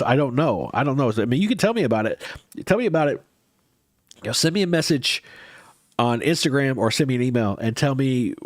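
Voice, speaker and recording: A man's voice: medium pitch, no echo, clean studio sound. A man hosting a casual livestream, chatting with viewers in a rambling, hesitant way with many restarts, his nose a bit stuffy. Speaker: livestream host.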